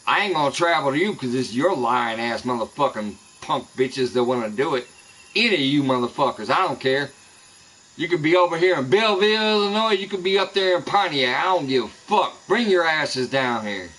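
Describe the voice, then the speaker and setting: Brisk and lively in intonation, this man's fairly bright voice leans high, though the audio is poor. He vents in a profanity-filled live-stream tirade from his Midwest home, aimed at people he accuses of spreading lies about him.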